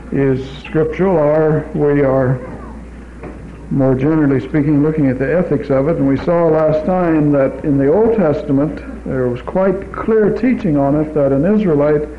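A man preaching a teaching sermon in a church, in a measured way, quoting scripture in old King James wording, on an old tape recording. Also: on the high side. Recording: tinny phone-like old tape recording, faint hiss.

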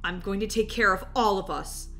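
A woman's voice: mid-range voice, moderate pace, bright, forceful tone, soft background music, lightly acted. A woman voicing an anxious middle-aged dad who rambles and stammers when alarmed, over faint background noise. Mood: worried.

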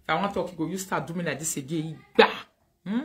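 Speaking fast in a low register, a woman with a Nigerian Pidgin English accent runs a casual livestream. She's lively, thanks viewers loudly, and moves into Pidgin as she goes.

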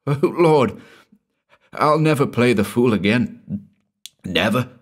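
A man's voice: lowish voice, sing-song, measured pace, pitched above the performer's own voice, exaggerated voice. A man voicing a terrified young male actor who talks in a hysterical, breathless way.

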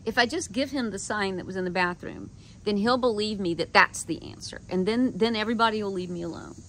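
A woman's voice: medium pitch, a little fast, a bit bright, slight background noise. A woman vlogger telling a personal story in a casual monologue, candid and frank, swearing and quoting her own thoughts.

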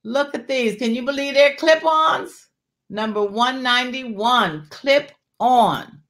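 A woman's voice: sits high, slow. A woman hosting a casual live-stream jewelry sale, chatting freely, calling viewers by name and urging them to order and join her shows. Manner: chatty, calls out viewers by name, folksy Southern-style warmth in words like y'all.

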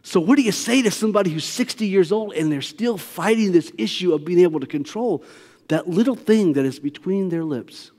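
A man's voice: high-pitched, animated, a little fast, darkish tone. A male pastor giving a conversational, emphatic sermon and telling a story to his congregation in a church sanctuary. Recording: long hall reverb.

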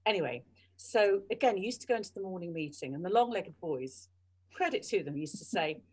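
A middle-aged woman, a radio journalist, telling lively anecdotes in a podcast interview. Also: fairly low pitch, fairly quick, slight background noise. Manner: animated, mimics colleagues' voices. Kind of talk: storytelling interview chat.

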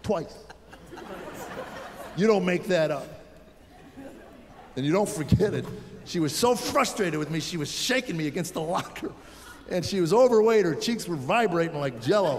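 A man in his fifties from the United States doing stand-up comedy on stage, an animated storyteller who acts out the people in his stories. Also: high voice. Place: stage in a large hall. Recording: reverberant live hall.

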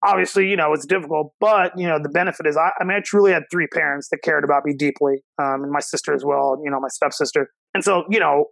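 A man in his thirties from Ohio, a chef guesting on a podcast, telling a personal story in a reflective, halting way with many restarts. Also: on the high side, gravelly, fairly bright tone, no echo, low-quality recording. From Cincinnati, Ohio, USA. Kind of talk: casual interview storytelling.

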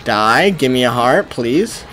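A male streamer commentating his gameplay, often frustrated and ranting at the game, with sudden bursts of yelling. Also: mid-range voice, animated, slow pace.

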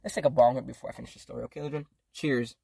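A man's voice: medium pitch, racing, creaky, slightly rough, no room sound, clean studio sound. A man in his twenties telling a life story in a casual vlog, rambling and swearing a lot. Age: 20s. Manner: rambling, profane, animated. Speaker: vlogger.

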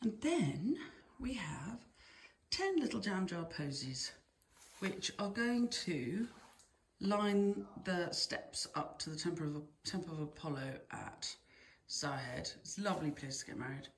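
A woman with a somewhat low voice chats casually to camera about the flowers she has grown and arranged. She is warm and self-deprecating, and she laughs easily at her own asides. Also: sing-song, measured pace, a little hiss or hum. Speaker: flower farmer and florist. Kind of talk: casual how-to vlog. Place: outdoors in a summer garden.

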